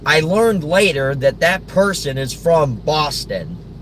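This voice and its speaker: A man's voice: on the high side, very animated, slow pace, fairly bright tone, slight background noise. A man vlogging from his car in a casual, rambling monologue, often chuckling.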